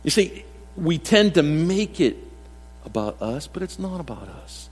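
Pastor preaching in a reverberant hall. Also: male voice, on the high side, very animated, a little slow, breathy edge. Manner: conversational preaching with self-deprecating humor and acted-out quotes. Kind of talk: sermon. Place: church sanctuary.

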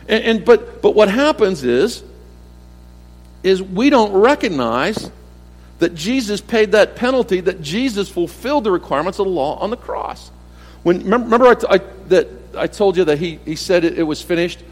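A middle-aged pastor preaching a sermon in a conversational way, asking rhetorical questions and repeating key phrases, swinging between emphatic lines and soft, low ones. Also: male voice, expressive, normal speed. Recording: long hall reverb.

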